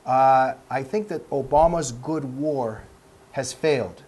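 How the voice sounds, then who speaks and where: A man's voice: medium pitch, slow, a little mellow, husky. A man with a Canadian accent hosting a political panel talk show, formally introducing guests and cutting in with questions. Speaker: host.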